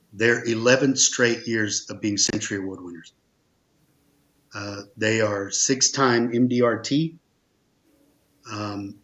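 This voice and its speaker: A man with a lowish, slightly bright voice and cut-off highs tells stories in a conversational interview. He owns an insurance agency and speaks earnestly and emphatically, repeating phrases for stress.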